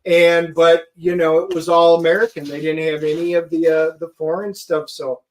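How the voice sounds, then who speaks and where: Man, co-host, high voice, teasing, joking, casual rambling chat. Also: flat delivery, moderate pace.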